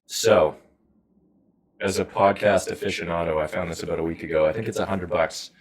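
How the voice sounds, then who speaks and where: A man in his thirties with a fairly low voice, a podcast guest in easy conversation. He tells lively, self-deprecating stories in a relaxed, chatty way. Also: brisk. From Saskatchewan, Canada. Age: 30s. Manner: animated storyteller, self-deprecating. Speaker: podcast guest, wealth advisor. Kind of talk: casual conversation.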